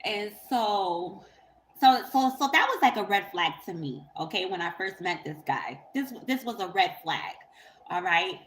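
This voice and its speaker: A woman's voice: mid-range voice, animated, a little slow, a bit bright, a little hiss or hum, poor audio. A woman tarot reader telling a story in a rambling, profane, casual way on a livestream, often breaking into laughter.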